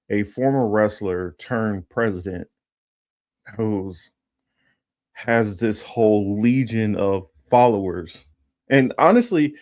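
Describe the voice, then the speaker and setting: Low-voiced man rambling through commentary. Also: a little mellow, no room sound, studio quality. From Los Angeles area. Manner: rambling, many fillers and restarts; reads news text aloud. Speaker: political commentary host. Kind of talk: casual livestream commentary.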